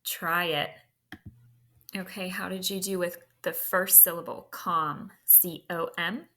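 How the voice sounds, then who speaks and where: A woman teacher leads a spelling lesson with slow, deliberate dictation. Her voice sits fairly low but has a bright edge, and she takes her time over each word. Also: fairly even intonation, slight background noise.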